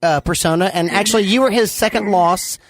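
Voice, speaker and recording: High-voiced eager radio co-host. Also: male voice, fairly quick, no room sound. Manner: eager reactions, enthusiastic swearing and praise. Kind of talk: casual chat.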